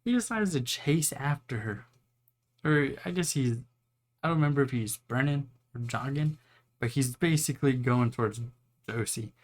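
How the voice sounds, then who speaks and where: A man's voice: medium pitch, expressive, normal speed. A young man casually retelling an anime plot, rambling and swearing, now and then acting out the characters' lines. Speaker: anime reviewer.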